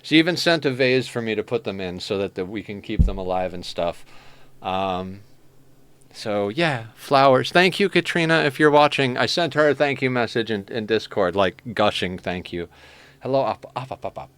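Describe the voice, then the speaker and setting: A man's voice: lowish voice, expressive, normal speed, clean tone, dry recording. A man streaming a game, chatting casually with his viewers in a heartfelt, emotional way. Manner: heartfelt, soft-spoken, emotional.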